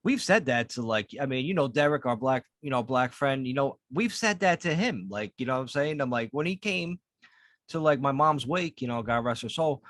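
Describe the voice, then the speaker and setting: A man's voice: medium pitch, expressive, normal speed, a bit bright, no room sound, clean studio sound. Profane ranting man. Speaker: podcast co-host. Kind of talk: casual podcast chat.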